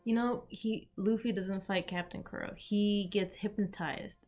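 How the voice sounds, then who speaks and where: A woman's voice: medium pitch, steady tone, unhurried, a little mellow, soft background music. A woman co-hosting a casual podcast, recapping story scenes, often laughing and acting out characters' lines. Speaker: podcast co-host. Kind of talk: casual chat recapping an anime.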